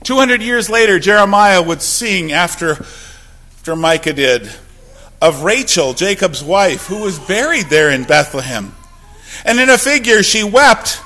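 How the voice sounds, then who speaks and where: A man preaching a sermon from the pulpit, swinging from loud declarations to hushed, low passages. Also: animated, unhurried. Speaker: pastor.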